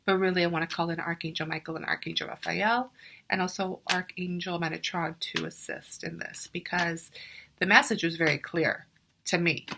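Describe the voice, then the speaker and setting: A woman's voice: on the low side, flat delivery, normal speed, gravelly, background noise. A young woman, a spiritual coach, gives a casual tarot reading straight to her viewers, earnest and often searching aloud for the right word. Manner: earnest, addresses viewers directly, searches for words mid-sentence.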